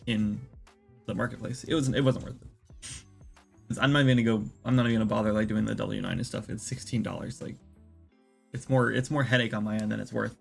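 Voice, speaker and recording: Gravelly-voiced man rambling on a stream. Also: mid-range voice. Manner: rambling, filler-heavy, thinks aloud. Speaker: indie game developer streaming. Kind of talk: casual livestream chat.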